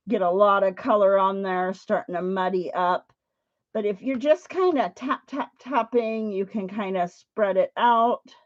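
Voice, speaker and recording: A woman chatting casually to viewers while demonstrating paint pouring live, laughing often as she works. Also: medium pitch. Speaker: paint pouring livestream host. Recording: dull lo-fi stream audio.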